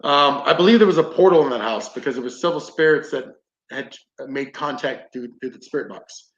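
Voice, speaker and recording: A man's voice: mid-range voice, a little fast. A man casually telling a paranormal investigation story, rambling, swearing freely and acting out what people said. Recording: roomy, dull lo-fi podcast audio.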